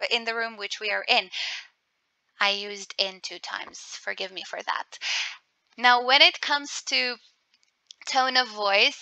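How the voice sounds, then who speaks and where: A woman's voice: on the high side, bright, forceful tone, clean tone, dry recording, low-quality recording. A woman communication coach teaching a webinar, explaining by example and asking the group questions.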